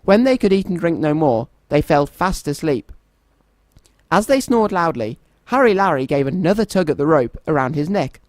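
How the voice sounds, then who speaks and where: A man reading a children's story aloud in a gentle, expressive storytelling manner. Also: a little high, moderate pace, no room sound.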